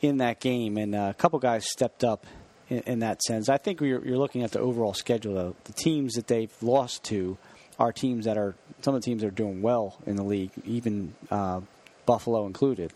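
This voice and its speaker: A man co-hosting a sports radio show, giving thoughtful analysis in a relaxed way. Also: fairly low pitch, normal speed. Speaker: radio co-host.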